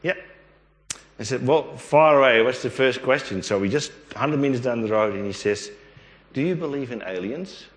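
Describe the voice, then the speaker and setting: A middle-aged Australian man telling a long personal story as an interview guest, rambling and animated, with quick asides. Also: mid-range voice. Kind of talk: storytelling testimony. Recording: echoey room with long reverb.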